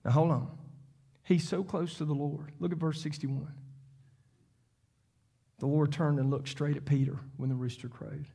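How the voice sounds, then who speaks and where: High-voiced, emphatic male preacher. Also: level tone, normal speed, gravelly, long pauses, mellow, husky. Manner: emphatic and repetitive, preaching on scripture; talks directly to the congregation. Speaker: pastor. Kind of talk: sermon.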